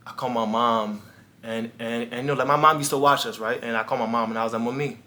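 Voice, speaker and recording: A man's voice: medium pitch, fairly even intonation, fast, pushed and bright. A man, a life coach, telling a personal story in an earnest motivational monologue, speaking straight to the viewer and acting out the dialogue.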